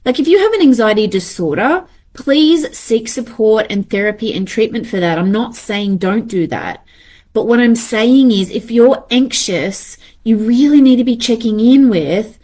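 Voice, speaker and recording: Woman in her thirties, animated, swears freely, fairly high voice, acts out inner voices. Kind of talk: casual talk to viewers.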